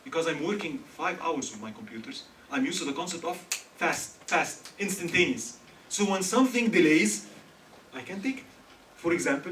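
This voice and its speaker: A man from Egypt giving a humorous religious talk to a live audience, joking and quizzing listeners with questions. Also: a little high. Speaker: speaker at a student religious gathering. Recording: echoey hall, mic far off, faint hiss.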